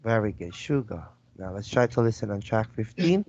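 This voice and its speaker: A man's voice: lowish voice, sing-song, normal speed, darkish tone. A man teaching an online English lesson, patiently prompting and repeating words for his student. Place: video call. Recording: dull lo-fi call audio.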